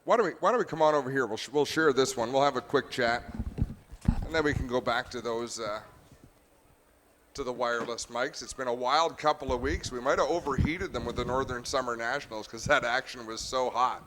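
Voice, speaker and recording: A man's voice: medium pitch, fairly quick, noisy background. Bantering man calling races on a headset. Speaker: race announcer. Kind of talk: casual booth commentary.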